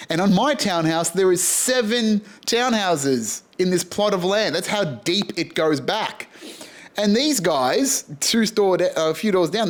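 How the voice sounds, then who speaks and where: Australian male podcast host, slightly high voice, loose rambling monologue, sweary and self-amused. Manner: rambling, sweary, laughs at his own jokes. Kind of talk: casual monologue.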